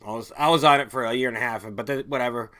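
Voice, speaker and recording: A man's voice: mid-range voice, racing, sharp tone, clear, resonant tone. A man hosting a casual stream, rambling and swearing as he reads viewer chat and drifts between stories. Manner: rambling, profane, trails off and restarts mid-thought.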